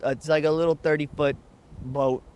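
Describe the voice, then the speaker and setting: A man's voice: on the high side, fairly even intonation, moderate pace, darkish tone, clean tone. Wry man spinning a casual yarn. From Texas. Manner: wry, profane, laid-back. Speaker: storyteller. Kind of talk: casual storytelling.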